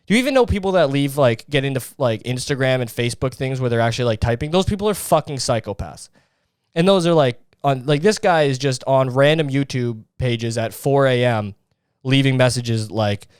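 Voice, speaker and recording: A man's voice: medium pitch, animated, fairly quick, clean tone, no room sound, studio quality. A man hosting a podcast, ranting in a crude, sarcastic and mocking way. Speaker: podcast host. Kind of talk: casual podcast rant.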